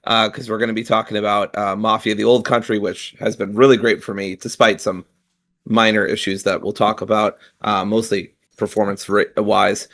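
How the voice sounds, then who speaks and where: A man's voice: fairly low pitch, little pitch movement, moderate pace, a bit bright. A man co-hosting a casual gaming podcast, rambling with lots of filler sounds and self-mocking jokes. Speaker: podcast co-host.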